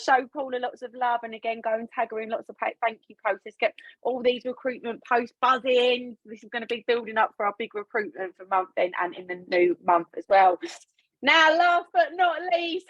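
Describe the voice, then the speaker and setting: A woman's voice: a little high, dry recording. A woman hosting a video training call, telling a story in a chatty way and laughing often. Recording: dull, dry video call audio.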